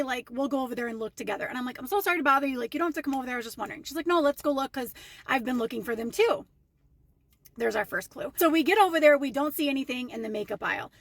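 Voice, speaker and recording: A woman's voice: sits high, dry recording. A young woman telling a casual storytime rant to her followers, chatty and indignant. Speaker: storytime vlogger.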